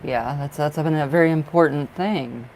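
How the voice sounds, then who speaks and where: A man's voice: fairly high pitch, normal speed, darkish tone, a little hiss or hum, poor audio. A young man doing tarot readings on a live stream, chatting casually with viewers, often apologizing and laughing. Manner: chatty, easily distracted, frequent apologies and laughs. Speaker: livestream tarot reader. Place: dark room at home.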